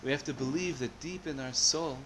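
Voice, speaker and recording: Guy giving a torah class, kinda high voice, lots of restarts, a little hiss in the background. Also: a little fast. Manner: animated, searching for words with many restarts. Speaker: Torah teacher.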